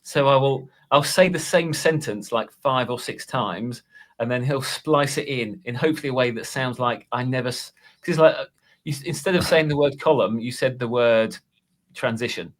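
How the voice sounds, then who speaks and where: A man chatting casually on a podcast about making course videos, self-deprecating and halting, restarting his sentences often. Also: mid-range voice. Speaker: Excel course creator and guest.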